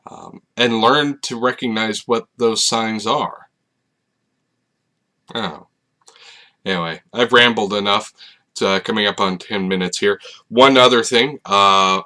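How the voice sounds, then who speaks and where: This video channel host speaks at a medium pitch, his voice pushed and bright. Addressing the camera in a relaxed late-night ramble, he hesitates a lot, using fillers and restarting sentences.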